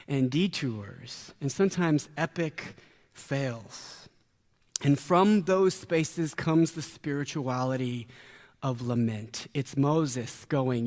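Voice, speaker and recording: A man preaching a sermon as a pastor, conversational with dramatic pauses and quoted voices. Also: on the high side. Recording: long hall reverb.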